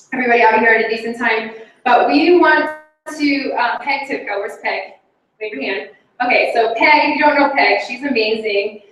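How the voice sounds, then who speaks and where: A chatty, bubbly woman speaks to her team at a meeting in a slightly high voice, with lots of fillers and little laughs. Her voice comes from some distance and rings around a very echoey room. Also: fairly bright tone. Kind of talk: casual motivational talk to a group. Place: meeting room with a live audience. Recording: very echoey room, mic far off.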